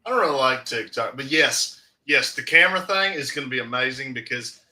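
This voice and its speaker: Excitable young male co-host, sharp bright voice, stumbling restarts. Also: medium pitch, brisk, poor audio. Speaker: podcast co-host. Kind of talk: casual chat.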